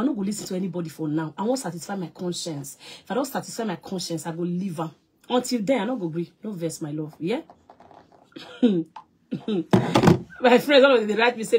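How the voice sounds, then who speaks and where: A woman's voice: a little fast, slight background noise. Scolding Nigerian woman on a live stream. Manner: loud and scolding, mixing Pidgin English, big swings in pitch and volume. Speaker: actress and film producer on a live stream.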